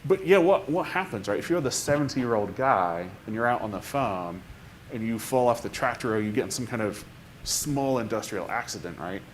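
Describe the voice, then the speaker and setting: On a conference panel, a man thinks aloud, often restarting and tacking "right?" onto his sentences. His mid-range voice is animated and moves at a moderate pace, with slight background noise.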